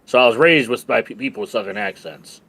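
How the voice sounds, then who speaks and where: A man's voice: mid-range voice, quick pace, vocal fry, bright, forceful tone. A man chatting casually with friends on a gaming stream, laid-back and joking. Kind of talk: casual chat.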